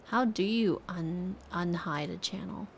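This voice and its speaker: A woman's voice: fairly low pitch, a little slow, creaky, slight background noise. A woman streamer chatting casually with her viewers and cooing at her cat. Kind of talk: casual live-stream chat.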